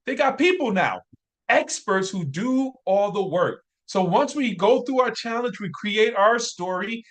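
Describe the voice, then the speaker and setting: A man giving an energetic, repetitive motivational sales training talk, hyping urgency. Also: sits high, measured pace.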